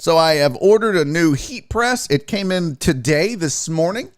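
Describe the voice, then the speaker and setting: A man's voice: high-pitched, lively intonation, normal speed, few pauses, no echo, clean studio sound. A man hosting a sports live stream, rambling and joking with a profane, casual manner as he greets viewers by name. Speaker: sports show host.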